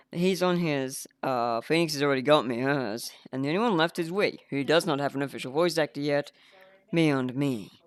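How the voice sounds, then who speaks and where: Indie dev man on a livestream: chatty, self-mocking, clear voice, dry sound. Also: mid-range voice, dry recording. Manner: rambling, chatty, laughs at himself. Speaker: indie game developer streaming. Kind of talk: casual livestream chat.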